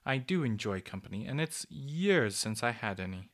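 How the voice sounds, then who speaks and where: A man voicing a kindly, lonely old female cuckoo in a storybook, with a soft, cooing, fussy, genteel manner. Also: medium pitch, expressive, moderate pace. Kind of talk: storybook reading.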